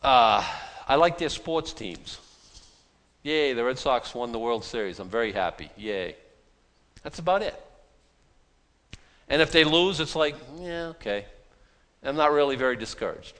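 Boston-accented pastor in a reverberant hall. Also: male voice, medium pitch, expressive, unhurried, long pauses, fairly bright tone. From Boston, USA. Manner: informal, chatty, with self-deprecating asides. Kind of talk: conversational sermon.

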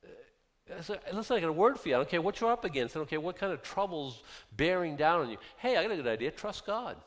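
A man in his fifties preaching a sermon in a conversational, animated way and putting questions to his listeners. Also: fairly high pitch, a little fast. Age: 50s. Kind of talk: sermon, Bible teaching. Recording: long hall reverb.

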